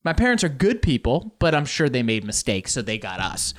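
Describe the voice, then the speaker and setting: A young man chatting casually to camera, animated and jokey, joking about how much he talks with his hands. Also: medium pitch, a little fast.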